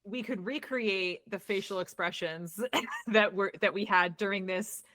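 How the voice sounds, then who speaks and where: A woman's voice: medium pitch, measured pace, bright, forceful tone. A young woman co-hosting a casual movie chat, with a dry, sarcastic edge and frequent laughter. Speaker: podcast co-host.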